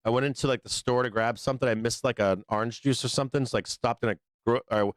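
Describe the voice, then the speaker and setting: A man hosting a live trading stream, chatting casually in a profane, rambling, excitable way. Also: medium pitch, fast talker, clear, resonant tone, dry recording, clean studio sound. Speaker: livestream trading show host. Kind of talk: casual livestream chat.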